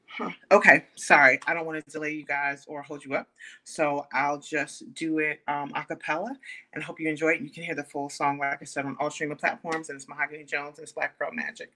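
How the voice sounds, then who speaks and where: A woman's voice: deep voice, moderate pace, bright, forceful tone. A woman who is the musical guest, talking casually and apologetically to a livestream audience, with laughter between lines.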